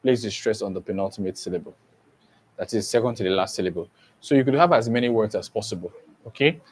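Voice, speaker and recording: A man's voice: on the low side, fast, a little hiss or hum. A man giving an exam-prep lesson who keeps asking the class questions and repeating key points. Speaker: teacher.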